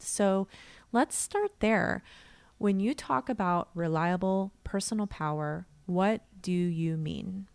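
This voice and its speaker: A woman in her thirties hosting a podcast interview, speaking softly and often dropping to a near whisper. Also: on the low side, creaky. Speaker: podcast host, inner voice coach.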